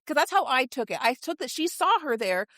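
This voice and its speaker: A woman co-hosting a podcast in casual book club chat, thinking out loud about theories with many restarts. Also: sits high, big pitch swings, brisk, no echo, clean studio sound. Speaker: podcast co-host.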